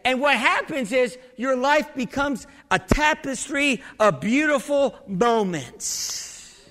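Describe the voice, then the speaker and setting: This pastor's sermon wanders and chats, broken up by restarts and questions thrown to the people in the sanctuary. He has a high, raspy voice with a bright, forceful tone. The church hall wraps it all in a long reverb.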